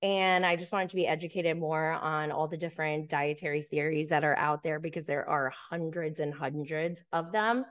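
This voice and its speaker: A woman hosting a podcast, telling a story in a casual, chatty way with lots of fillers. She gets animated when she quotes other people. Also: low voice, moderate pace, few pauses. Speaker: podcast host.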